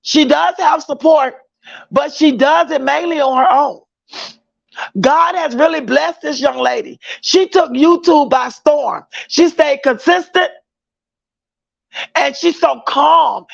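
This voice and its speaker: Woman livestream host, very gravelly high voice, dry lo-fi sound, greets viewers by name, loose slangy chat. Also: measured pace.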